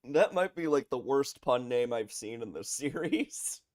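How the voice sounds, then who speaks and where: A man's voice: mid-range voice, expressive, unhurried, darkish tone. A man giving sarcastic let's play commentary, groaning at puns and cursing now and then. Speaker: streamer. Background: game music.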